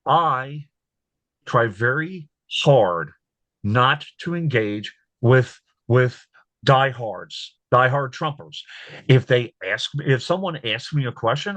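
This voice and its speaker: A man hosting his own show, talking casually, repeating words and growing animated when he tells what he said. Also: a little high, no echo. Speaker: host. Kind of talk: casual commentary.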